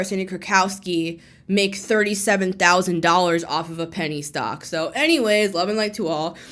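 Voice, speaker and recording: A young woman hosting a tarot channel, talking casually and rambling, correcting herself and laughing between thoughts. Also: mid-range voice. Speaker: tarot reader and channel host. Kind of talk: casual spiritual talk to camera.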